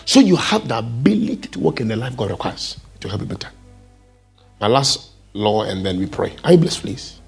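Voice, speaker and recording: A man's voice: mid-range voice, normal speed, husky, faint music behind. A man preaching a sermon and calling out to the congregation. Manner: animated, calls out to the congregation.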